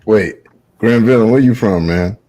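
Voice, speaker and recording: A man from New York in a casual group voice chat, bantering loudly and profanely. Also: on the low side, a little slow. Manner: loud, profane, laughing banter. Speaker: stream chat participant.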